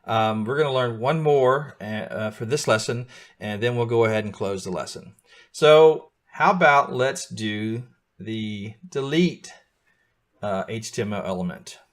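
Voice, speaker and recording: A man's voice: lowish voice, measured pace. A middle-aged man teaching beginners to code, walking through steps patiently and often checking that his students are keeping up. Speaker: coding teacher. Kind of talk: live beginner coding lesson.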